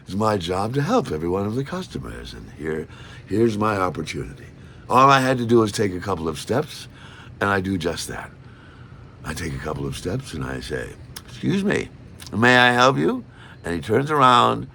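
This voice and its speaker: A man telling a personal story in an animated, self-mocking way. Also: low voice, vocal fry, slight background noise.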